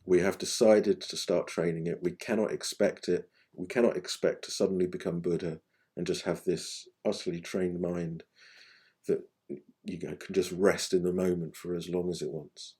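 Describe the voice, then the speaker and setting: A man giving gentle, unhurried guided meditation instruction, his phrases often trailing off softly at the end. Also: low voice, fairly even intonation, breathy edge. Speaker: meditation teacher.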